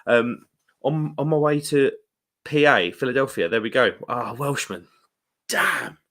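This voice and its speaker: A man with a British accent hosting a casual live stream, chatty and rambling, with quick laughs and slangy asides. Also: mid-range voice, pushed and bright. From United Kingdom. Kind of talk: casual live stream chat, reading viewer comments. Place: room at home.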